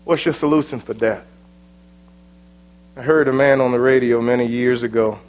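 A man preaching a sermon, rising to loud, fervent exhortation and then dropping to a hushed, quiet delivery. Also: mid-range voice, fairly even intonation, moderate pace.

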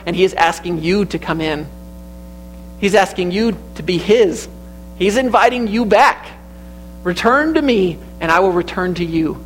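High-voiced man, earnest church sermon, repeats and builds phrases, faint music under. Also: low-quality recording. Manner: earnest, repetitive, building to emphatic peaks. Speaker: preacher. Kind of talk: sermon with invitation. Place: church sanctuary.

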